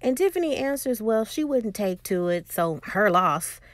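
A woman's voice: mid-range voice, normal speed, no room sound. A woman casually retelling a TV episode scene by scene, acting out the characters' lines as she quotes them. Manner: animated retelling with quoted dialogue. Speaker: TV episode recapper. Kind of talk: casual recap storytelling.

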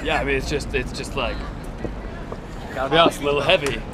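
A man's voice: mid-range voice, fast talker. A man in a band chatting casually backstage while tasting a snack. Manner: relaxed, offhand food tasting comments.

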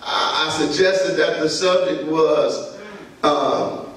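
A man's voice: on the high side, fairly even intonation, slow pace, a bit bright. A man preaching a sermon in a large church, calling for responses from the congregation and acting out the people in his story. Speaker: pastor. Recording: echoey church sound from far off.

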